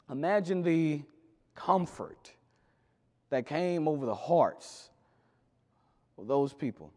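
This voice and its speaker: A man preaching a sermon in a church, swinging from loud emphatic lines to quiet low drops. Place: church sanctuary. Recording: long hall reverb.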